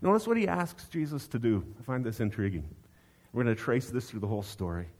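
A man's voice: mid-range voice, expressive, fast talker, darkish tone. Conversational male preacher. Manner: conversational, rhetorical questions. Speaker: pastor. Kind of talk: sermon.

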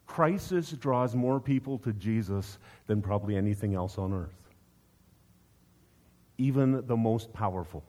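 A man's voice: lowish voice, lively intonation, unhurried, a little mellow. A man preaching a sermon in a conversational way, posing rhetorical questions to his listeners. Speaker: pastor.

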